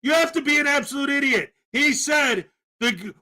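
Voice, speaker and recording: A man hosting a commentary show, voicing exasperated disbelief in a loud, incredulous rant. His voice sits high and has a sharp, bright edge. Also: lively intonation, moderate pace. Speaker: commentary host. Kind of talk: ranting commentary on a played clip.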